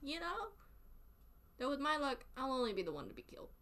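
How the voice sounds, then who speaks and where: A woman's voice: sits high, very animated, fairly quick, pushed and bright. A chatty woman with a thick Southern US accent, laughing often as she talks casually with her stream followers. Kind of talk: casual chat.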